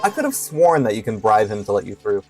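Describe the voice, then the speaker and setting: A man's voice: lowish voice, big pitch swings, fast, darkish tone, soft background music. Young man streaming a game, hesitant. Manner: hesitant, many fillers. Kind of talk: casual gameplay commentary.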